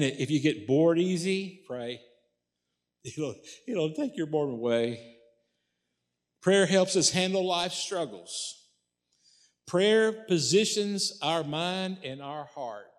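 A man's voice: fairly high pitch, lively intonation, slow, long pauses. Folksy man preaching a sermon. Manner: folksy, repetitive, conversational preaching. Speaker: pastor.

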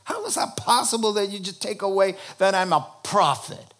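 A preacher voicing Jesus as an exasperated teacher, asking rhetorical, incredulous questions. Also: male voice, sits high, normal speed, fairly bright tone, pitched above the performer's own voice.

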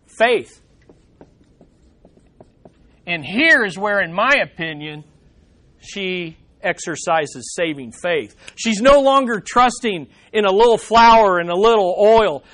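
A male pastor with a high-pitched voice preaches a passionate sermon, swinging between loud emphasis and hushed drops. He asks the congregation questions and adds playful asides.

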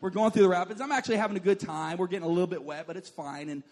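Husky-voiced joking young preacher. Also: male voice, high-pitched, racing, long reverb tail. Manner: animated, jokey, acts out voices of people in his stories. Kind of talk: sermon with comic storytelling.

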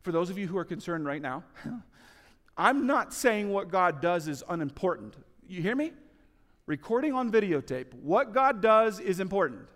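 A male pastor preaching with a slightly high voice, his delivery swinging from loud, urgent lines to soft, hushed ones. A long reverb from the hall trails his words. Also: sing-song, moderate pace. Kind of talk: sermon.

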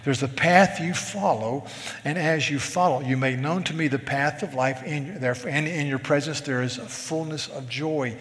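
Pastor, male, slightly high voice, earnest sermon delivery, long hall reverb. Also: normal speed, fairly bright tone. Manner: earnest preaching, quoting scripture aloud.

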